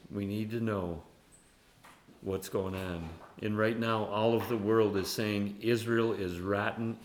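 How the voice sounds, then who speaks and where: A man teaching a conversational sermon who reads scripture aloud and laughs often, animated and self-mocking. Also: lowish voice. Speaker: Bible teacher.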